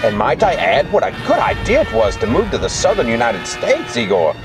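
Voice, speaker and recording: A man's voice: medium pitch, huge pitch swings, a little fast, over music. A man voicing a pompous, grandiose mad scientist doctor with theatrical, formal speech in a radio comedy skit.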